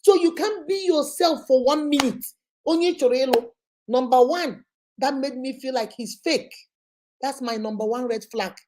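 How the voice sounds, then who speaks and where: A Nigerian woman hosting a vlog, telling a personal story in an animated, conversational way. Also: high voice, normal speed, noisy background. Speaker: vlog host.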